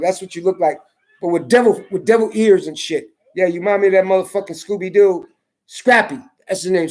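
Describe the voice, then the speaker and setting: A woman vlogger delivering an angry, profane political rant to camera, taunting and repeating herself, rising to shouts at times. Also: on the high side. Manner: profane, confrontational, repetitive taunting.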